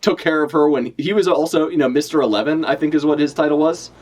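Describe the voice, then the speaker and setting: A man giving casual live reaction commentary as a streamer, animated and profane, laughing often as he talks. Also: a little high, fast talker. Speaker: streamer reacting to a manga chapter.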